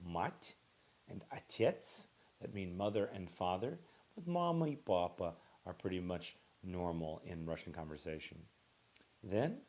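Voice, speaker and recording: A young adult man teaching a recorded vocabulary lesson, saying each word twice and stressing syllables clearly in a relaxed, unhurried way. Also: low voice. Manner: relaxed, with fillers and restarts. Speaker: Russian language teacher.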